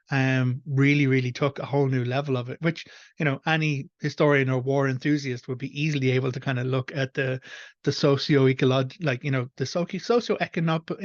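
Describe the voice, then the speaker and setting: A man's voice: mid-range voice, dry recording, lo-fi sound. An Irish man hosting a reaction video, ranting bluntly and with frustration. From Ireland. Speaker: host. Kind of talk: reaction commentary.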